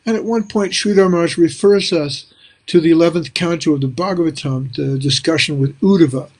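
A man's voice: on the high side, a little fast. An older man hosting a casual interview, talking in a reflective, rambling way with many fillers. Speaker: host.

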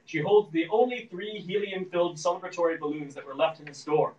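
A man reading the stage directions of a screenplay aloud at a live reading, in a steady, descriptive manner. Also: high voice, brisk, dull audio. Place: event room at a live reading. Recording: echoey room, distant mic.

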